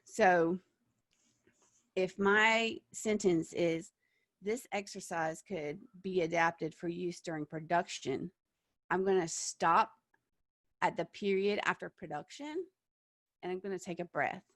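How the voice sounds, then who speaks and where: Lively woman teaching an acting workshop. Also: fairly low pitch, slow, long pauses, no echo. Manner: lively, animated, checks in with "okay?" and "yeah?". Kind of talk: online teaching talk.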